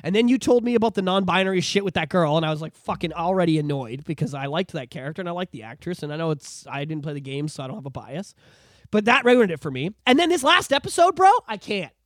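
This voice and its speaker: This podcast co-host talks quickly and rants, throwing in swear words constantly. The voice leaps around in pitch and sounds dry and close on the microphone, like casual chat between friends. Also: no echo. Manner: profane, animated ranting.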